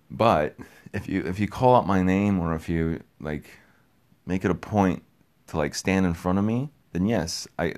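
In a loose, meandering monologue, a very low-voiced young man addresses his podcast audience, doubling back and echoing his own phrases as his excitement rises. The casual cursing lends it an intimate, offhand tone.

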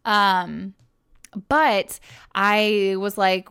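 Here a Kentucky-born young woman hosts a solo podcast, rambling casually, filling pauses and correcting herself as she goes. She speaks at a moderate pace in a medium pitch, and the sound is studio quality with no echo.

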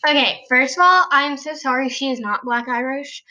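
A woman's voice: sits high, moderate pace, bright, forceful tone, highs cut off. A teenage girl cutting in with flustered, over-apologetic remarks about her own podcast. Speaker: podcast co-host.

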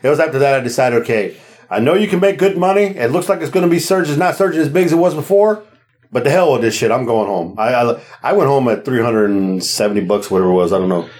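Laid-back podcast co-host, blunt and casual, quick to curse. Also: male voice, mid-range voice, expressive, darkish tone. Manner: laid-back, chimes in with short replies and blunt swearing. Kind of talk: casual chat.

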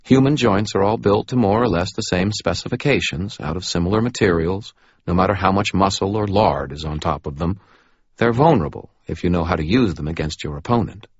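A man narrating a first-person audiobook in a low, slightly husky voice with a dry, matter-of-fact delivery. The recording is close and dry, with a dull lo-fi sound. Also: a little fast, no room sound.

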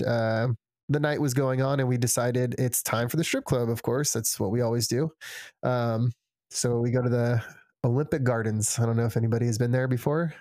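A young man spins a rambling tale on a casual podcast, leaning on fillers and little acted-out quotes. His voice sits at an ordinary pitch and sounds dry and close, with no room around it. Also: darkish tone, no room sound. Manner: rambling storyteller, filler-heavy, acts out quotes. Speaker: podcast co-host telling a story. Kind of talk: casual chat.

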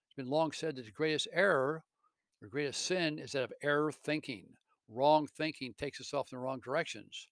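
A man's voice: fairly high pitch, moderate pace, fairly bright tone, no room sound. Earnest man retelling a classic story. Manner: earnest, with self-corrections.

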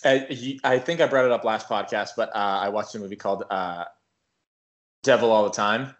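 A man's voice: on the low side, fairly quick, dull audio. A young man co-hosting a podcast, talking in laid-back, joking banter. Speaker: podcast co-host. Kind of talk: casual chat.

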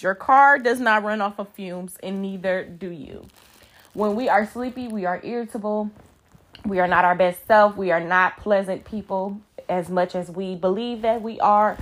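A woman's voice: medium pitch, measured pace. A woman talks casually and directly to her listeners about self-care, in a chatty, conversational way full of fillers. She sounds a little tired as she goes. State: tired, yawning. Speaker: podcast host. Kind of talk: casual motivational talk.

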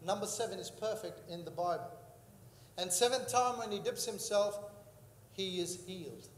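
A man's voice: high-pitched, normal speed, slight background noise. A male pastor preaching a sermon, telling a story with frequent fillers and acted-out quotes. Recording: echoey hall with long reverb.

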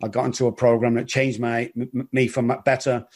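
A middle-aged man telling his recovery story in an interview, earnest and halting, often repeating words. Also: mid-range voice, little pitch movement, a little mellow. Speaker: guest in recovery.

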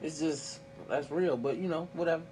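A man in casual chat with quick banter, blunt and profane. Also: on the high side, a little mellow, soft background music.

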